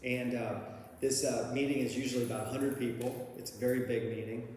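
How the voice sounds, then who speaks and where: A man's voice: mid-range voice, steady tone, fairly quick, a little mellow, a little hiss or hum. A man telling a personal recovery story in casual, rambling talk, with lots of fillers and restarts, and laughing at his own story. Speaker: speaker sharing a recovery story. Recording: very echoey hall with long reverb.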